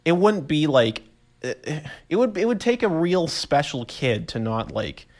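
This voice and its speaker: Young dude rambling on his podcast, super lively up and down voice, laughs at himself. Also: fairly high pitch, unhurried. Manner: rambling, animated storytelling with laughs and voiced reactions. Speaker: podcast host. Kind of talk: casual solo monologue.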